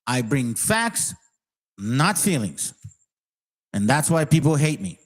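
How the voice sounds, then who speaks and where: A man's voice: medium pitch, sing-song, slow pace. A man hosting his channel, giving a heated, profane and sarcastic ranting commentary. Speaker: channel host.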